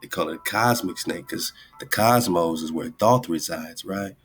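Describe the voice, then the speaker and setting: A radio host with a deep, somewhat bright voice talks at a normal speed while soft music plays in the background. His casual esoteric commentary over a screen share rambles from idea to idea, with "right?" and "man" tagged onto his lines.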